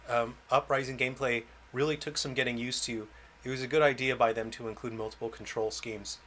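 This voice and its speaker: A man's voice: mid-range voice, a bit bright, slight background noise. A man, a game developer, chatting casually while he plays a game on a livestream and answers viewer questions aloud. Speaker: game developer hosting a launch stream. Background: faint game music.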